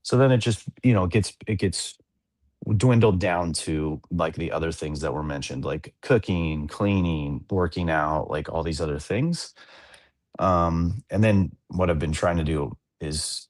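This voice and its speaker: A low, somewhat slow male voice with a darkish tone, recorded dry and clean in a studio. As a Southern California podcast co-host, he chats casually and meanders, with frequent fillers and restarts.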